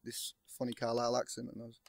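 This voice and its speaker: A man's voice: medium pitch, completely flat delivery, fast, vocal fry, dry recording. A man, a listener who is a guest on a podcast, chatting casually in a rambling, self-deprecating way. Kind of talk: casual chat.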